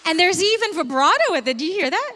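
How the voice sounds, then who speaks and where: Woman, vocal coach, high voice, bright and forceful, energetic teaching, long hall reverb. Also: fast talker, some chatter behind, a little hiss or hum. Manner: energetic, demonstrates by singing short phrases. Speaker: vocal coach leading a workshop. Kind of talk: live workshop teaching. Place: large hall with live audience.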